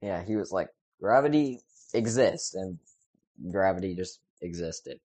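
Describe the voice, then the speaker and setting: A fairly low-voiced man on a comedy podcast who delivers absurd jokes deadpan. He is recorded dry and close. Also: normal speed, no room sound. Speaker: podcast co-host. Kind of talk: casual comedic chat.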